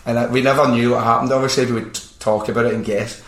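A man with a Glaswegian accent who hosts a podcast, telling stories in casual, animated chat and swearing freely. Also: mid-range voice, fast. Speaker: podcast host. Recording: roomy echo.

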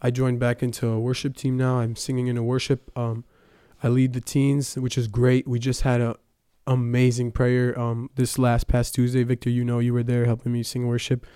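A young man tells his church testimony in a relaxed, rambling way, leaning on fillers and retelling conversations. His voice is smooth and mellow, with little rise and fall. The sound is close and dry. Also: mid-range voice, moderate pace, no echo. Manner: casual, storytelling with many fillers. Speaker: church youth member giving testimony. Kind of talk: personal testimony.

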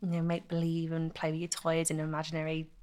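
A young woman, telling stories in a casual interview with lively, laughing chat. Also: low-pitched, fast, crowd noise. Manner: chatty, animated storytelling with laughs. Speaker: guest, content creator.

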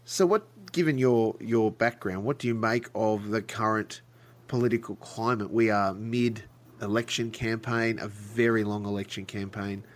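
A man's voice: lowish voice, fairly even intonation, normal speed. A man interviewing a guest, asking questions with a dry, teasing edge. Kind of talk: casual interview.

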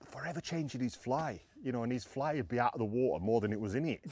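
A man's voice: medium pitch, lively intonation, fast talker, a little mellow, husky, no echo. A man, a former footballer, chatting outdoors while fishing, telling rambling, chuckling anecdotes with lots of restarts. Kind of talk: casual storytelling chat.

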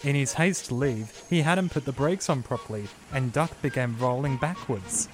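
Man, storybook narrator, measured pace, music behind. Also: medium pitch.

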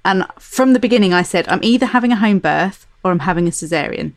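A woman's voice: mid-range voice, animated, fast, dry recording. A woman hosting a podcast, talking earnestly and reflectively in casual conversation. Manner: reflective, earnest, asks guests questions. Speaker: podcast host.

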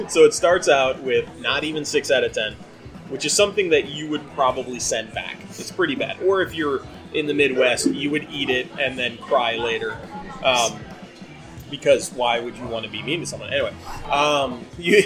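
A man's voice: medium pitch, normal speed, over music. A man hosting a podcast in casual chat, rambling and laughing often. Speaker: podcast host.

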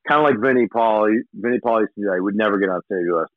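This is a male rock musician guest speaking very fast at a fairly low pitch, telling profane, rambling anecdotes in a casual interview and acting out the quotes. The audio is dry with no echo, coming through a tinny, phone-like line.

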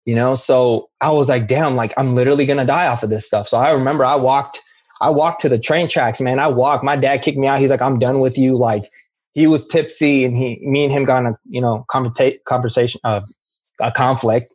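A man's voice: medium pitch, fairly even intonation, a little fast, a little mellow. A young man speaking candidly as an interview guest, slangy and earnest, often repeating himself. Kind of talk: candid interview recounting addiction.

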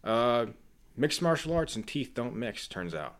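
A man's voice: medium pitch, very animated, measured pace, a little hiss or hum. Profane storytelling man. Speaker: podcast co-host. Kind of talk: casual chat.

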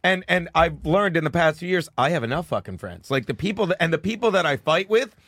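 High-voiced blunt lecturing man. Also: expressive, brisk, fairly bright tone, no echo. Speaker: guest comedian. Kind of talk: casual podcast chat.

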